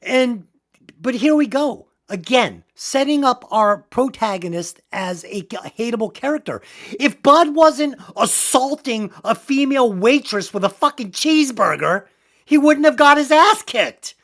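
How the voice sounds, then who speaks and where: A woman's voice: a little high, lively intonation, a little slow. A woman co-hosting a comedy movie review podcast, ranting bluntly and swearing constantly in casual chat. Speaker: podcast co-host.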